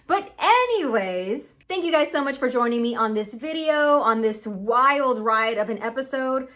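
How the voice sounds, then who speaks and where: A woman's voice: on the high side, expressive, measured pace, few pauses, fairly bright tone. A young woman from Puerto Rico giving emphatic, casual reaction commentary at home, swearing freely into a camera on a stand. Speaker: reaction video host.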